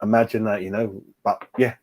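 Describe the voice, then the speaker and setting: A man's voice: lowish voice, little pitch movement, a little fast, darkish tone. A middle-aged man hosting a football fan livestream in casual chat, greeting viewers by name and often repeating his words. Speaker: fan channel host.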